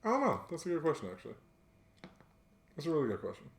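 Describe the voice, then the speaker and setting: A man's voice: fairly high pitch, quick pace, vocal fry. Man telling slangy stories, echoey room. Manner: animated storyteller, slangy, acts out quotes. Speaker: podcast co-host. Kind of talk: casual chat, storytelling.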